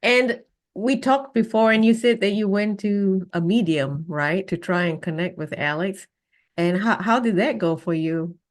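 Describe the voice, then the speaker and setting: A woman's voice: medium pitch, a little slow. A woman hosting a podcast interview, reacting encouragingly and asking her guest questions. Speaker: podcast host. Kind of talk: interviewer in casual conversation.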